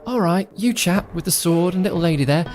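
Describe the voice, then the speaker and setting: A man voicing a smooth male schemer who soothes his captives with false cheer. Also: high voice, a little fast, over music, voice pushed up, close to an everyday voice. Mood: coaxing.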